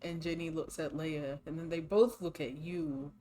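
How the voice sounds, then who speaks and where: A woman's voice: low voice, steady tone, normal speed, mellow, faint music behind. A woman narrating a tabletop game as game master, playful and often laughing.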